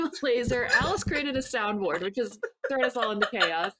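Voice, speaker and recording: An American podcast co-host chatting casually, telling quick stories and laughing often. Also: medium pitch, animated, noisy background.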